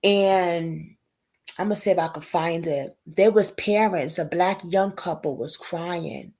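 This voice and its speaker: A woman's voice: on the low side, takes it slowly, darkish tone. A woman hosting a casual livestream chat, talking emotionally and in a rambling way, greeting viewers by name. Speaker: livestream host.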